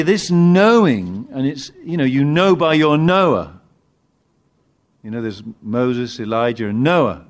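A man preaching a sermon, animated and emphatic at times, with halting restarts as he searches for words. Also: mid-range voice. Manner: animated, rising to emphatic peaks.

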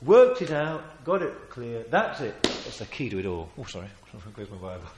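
A man preaching a sermon, emphatic, with sudden loud swells, quiet asides and chuckles as he tells stories. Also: medium pitch, sing-song, moderate pace, heavy background noise. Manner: chuckles while telling stories.

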